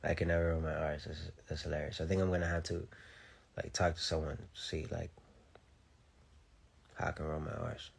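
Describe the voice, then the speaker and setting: A man's voice: extremely low pitch, completely flat delivery, brisk, vocal fry, pauses often, slightly rough. A young man chatting casually on a phone live stream, joking, laughing often and reading comments, unable to roll his R's.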